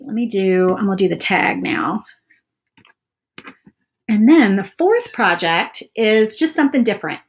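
A woman hosting a live crafting stream from her table, chatty and rambling with many fillers. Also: mid-range voice. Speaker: crafting channel host. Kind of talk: casual live crafting chat. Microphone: overhead camera setup.

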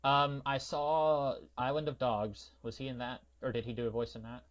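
A man's voice: medium pitch, little pitch movement, moderate pace, lo-fi sound. Hesitant man, rambling podcast talk. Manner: hesitant and rambling, many fillers. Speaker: podcast co-host. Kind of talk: casual film review chat.

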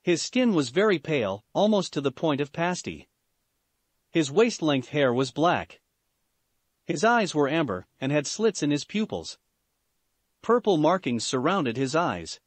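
A man reads a fan fiction story aloud in a plain, steady way. His voice is fairly high and moves around a lot, and the recording is dry and close. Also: measured pace, dry recording. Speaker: narrator.

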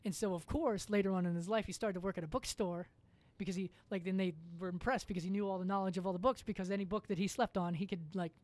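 A woman's voice: mid-range voice, steady tone, fast talker, a little mellow. A woman as a podcast guest in casual chat, rambling through a story with lots of fillers and casual swearing.

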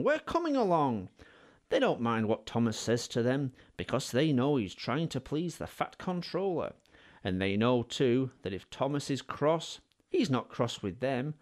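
A man narrating a children's storybook in an expressive, animated way. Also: medium pitch.

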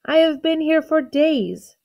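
A woman voicing a gentle, naive young male dragon who sniffles and pleads as she reads a storybook aloud. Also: high voice, animated, slow, creaky, dull audio, voice pushed up, full character voice. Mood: tearful. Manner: sniffling, plaintive.

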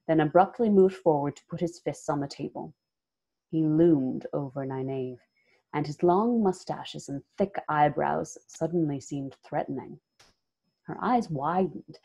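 A woman reading a novel aloud as a reader in a steady, even narration. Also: deep voice, husky.

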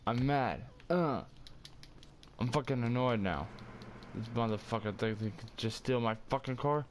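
A young man giving casual gameplay commentary, loud, excitable and cursing heavily, quick to get angry. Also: medium pitch, a little hiss or hum. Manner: loud, excitable, heavy cursing, hot-tempered. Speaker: gaming streamer.

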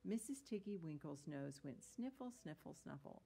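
A woman reading a children's story aloud in a gentle, unhurried storytelling manner. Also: deep voice, lively intonation, creaky, breathy edge.

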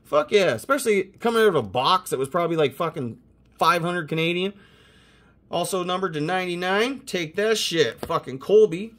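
A young man rips through his mail-day cards with hyped, foul-mouthed commentary. His pitch leaps and drops all over the place as he cheers some cards and grumbles at others. It sounds like an off-the-cuff chat to his viewers. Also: normal speed. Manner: profane, excitable, hyped. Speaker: host opening sports cards. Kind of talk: casual card-opening commentary.

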